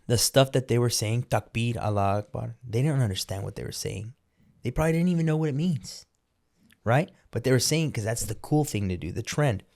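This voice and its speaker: A man's voice: medium pitch, brisk, vocal fry, a little mellow. A man hosting a podcast interview, talking in a casual, emphatic and opinionated way, often restarting his sentences. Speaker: podcast host.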